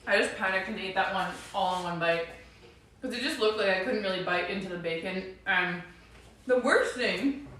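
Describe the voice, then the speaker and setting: A woman's voice: mid-range voice, fairly bright tone, slight background noise. A young woman livestreaming from her home kitchen, chatting casually and giggly with viewers, rambling as she goes. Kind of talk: casual cooking livestream chat. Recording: echoey room, mic a bit far off.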